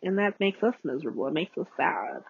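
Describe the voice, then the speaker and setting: A woman hosting a casual solo podcast, recapping with chatty, profane asides and big swings in pitch, recorded as phone voice notes. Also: animated, brisk, vocal fry, husky. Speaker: podcast host. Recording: dull lo-fi voice note.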